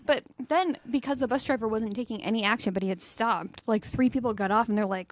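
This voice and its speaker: A young adult woman co-hosting a podcast, telling stories in a lively way and laughing as she goes. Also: fairly high pitch, fairly quick, few pauses, no room sound. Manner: animated storyteller, laughs mid-sentence. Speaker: podcast co-host. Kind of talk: casual chat.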